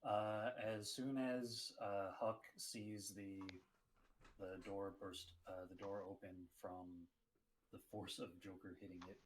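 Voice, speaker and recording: A man's voice: on the low side, little pitch movement, slow pace, slight background noise, low-quality recording. A man playing a tabletop game, describing his character's actions in a hesitant way. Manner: hesitant, many ums and restarts. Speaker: player.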